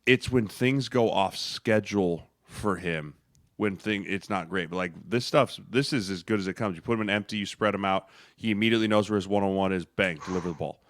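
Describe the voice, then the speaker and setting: A man co-hosting a sports podcast, an emphatic, animated storyteller who swears casually. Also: lowish voice, fairly quick, dry recording, clean studio sound. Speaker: podcast co-host, former lineman.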